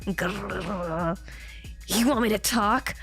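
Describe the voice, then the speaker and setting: A woman reading the part of a furious young man who snarls, growls and curses at his rival. The voice stays high and bright, with short shouted bursts and a faint bed of music underneath. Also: measured pace. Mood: angry shouting.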